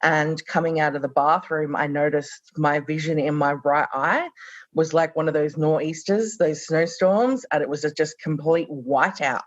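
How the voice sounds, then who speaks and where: A woman's voice: low voice, moderate pace, no echo. Australian-raised woman in her thirties, reflective interview guest, dull dry audio. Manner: reflective, many fillers. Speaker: podcast guest. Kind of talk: conversational podcast interview.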